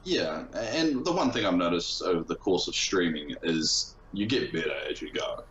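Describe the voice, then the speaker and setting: A man's voice: low-pitched, expressive, normal speed, a bit bright. A man guesting on a casual podcast, talking in a sarcastic, self-deprecating way with an accent. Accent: non-local accent, origin unstated. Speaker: guest streamer. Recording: roomy, dull lo-fi sound with faint ambience.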